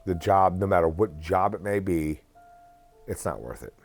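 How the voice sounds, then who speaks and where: A man's voice: sits low, expressive, normal speed, darkish tone, faint music behind. A man giving casual, earnest advice in a rambling rant that often repeats and restarts phrases. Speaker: vlogger.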